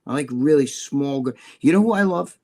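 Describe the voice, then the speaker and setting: A man in casual livestream banter who tells long, wandering anecdotes and swears often. His voice sits a little high for a man. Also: animated, moderate pace, dark tone. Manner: rambling storyteller, swears freely. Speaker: guest.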